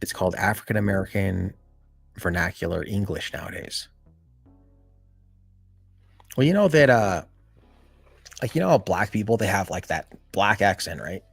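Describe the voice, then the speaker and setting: Low husky man rambling on a stream. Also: animated, normal speed, long pauses, no room sound, faint music behind. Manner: rambling, heavy on fillers like "you know" and "like". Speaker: live stream host. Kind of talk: casual chat.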